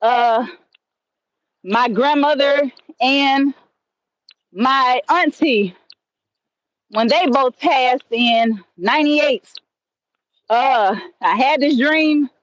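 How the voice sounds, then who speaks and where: A woman chats through a casual livestream in a high voice, drifting through her story at an easy, slow pace. She rambles, doubling back with fillers and restarts as she goes. The sound comes off her phone, muffled and lo-fi. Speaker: livestream host. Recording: dull lo-fi stream audio.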